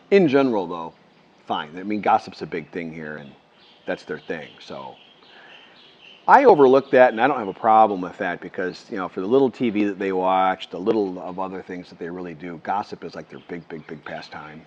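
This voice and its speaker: A man's voice: sits low, normal speed. Older American man, casual vlog talk, restarts a lot, dull lo-fi sound. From United States. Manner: rambling, many restarts, animated quoting. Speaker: vlogger. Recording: muffled lo-fi sound.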